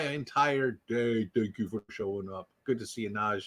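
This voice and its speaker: During a casual, unscripted YouTube livestream, a man with a mid-range, fairly bright voice talks at normal speed in an animated way. He rambles, jokes, and calls out viewers by name.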